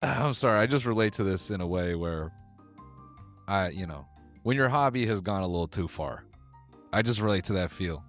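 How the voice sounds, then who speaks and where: A man's voice: low-pitched, lively intonation, normal speed, pauses often, faint music behind. A man giving comedic reaction commentary, joking and laughing with casual swearing. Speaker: commentary host.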